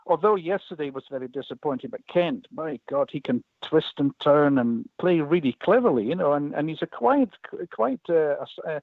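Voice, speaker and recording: A man with a Scottish Highland accent calling in to a radio show, talking hesitantly with many fillers and restarts. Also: animated, moderate pace, hardly any pauses, no echo. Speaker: caller. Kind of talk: casual phone-in chat. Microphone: phone line. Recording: tinny dry phone line.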